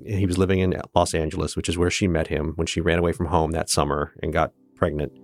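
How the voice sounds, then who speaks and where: A man's voice: low-pitched, flat delivery, quick pace, soft background music. A middle-aged man from Kansas, a guest candidly recounting his own family story with restarts. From Kansas, United States. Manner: earnest, candid, with restarts and laughs. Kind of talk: reflective personal storytelling.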